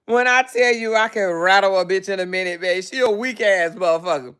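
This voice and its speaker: A woman's voice: mid-range voice, brisk, few pauses, a bit bright, clean tone. A woman hosting a casual livestream, talking in a brash, profane, mocking way. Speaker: livestream host.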